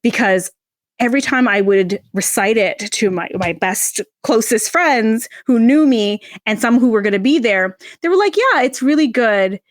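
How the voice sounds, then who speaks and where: A woman podcast guest telling a personal story in an animated, expressive way, acting out the voices she quotes. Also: moderate pace, no room sound, studio quality. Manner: expressive, acts out quoted voices with big pitch jumps.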